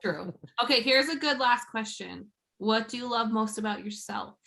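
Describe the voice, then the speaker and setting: A woman's voice: a little high, moderate pace, creaky, sharp tone. A woman co-hosting a podcast, playfully putting questions to the others. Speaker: podcast co-host. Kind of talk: casual chat.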